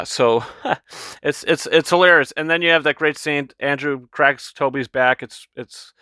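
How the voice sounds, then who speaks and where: A man giving a casual, excited movie review in a rambling style, with lots of restarts and paraphrased quotes. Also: medium pitch, dry recording, clean studio sound. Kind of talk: casual spoiler review monologue.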